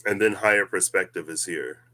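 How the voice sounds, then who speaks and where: A man's voice: low voice, fairly quick, bright, forceful tone. A man giving a casual tarot reading vlog, musing and rambling through spiritual ideas with frequent laughs. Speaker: tarot reader.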